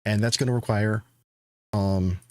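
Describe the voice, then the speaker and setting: A man's voice: lowish voice, fairly even intonation, a little slow. A man streaming game development, thinking aloud and rambling casually to his viewers. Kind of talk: casual live-stream chat.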